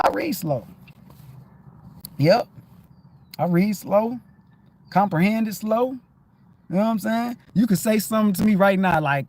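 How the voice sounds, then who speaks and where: A man on a livestream talking in a casual spiritual monologue, profane and animated, often checking that listeners follow. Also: sits high, normal speed, pauses often, dry recording. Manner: animated, profane, keeps asking "you know what I'm saying".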